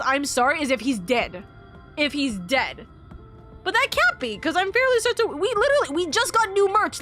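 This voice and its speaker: A young woman streams a story game, gushing and getting emotional as she rambles through restarts in casual commentary. Her voice is high with a sharp tone.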